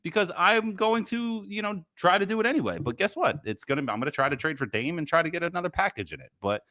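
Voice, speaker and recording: Guy doing a shifty defensive team exec, dodgy and combative, voice jumping up high. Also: animated, fast, no echo, clean studio sound. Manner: evasive and combative, rising loud and high when worked up. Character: cagey, defensive male basketball team executive.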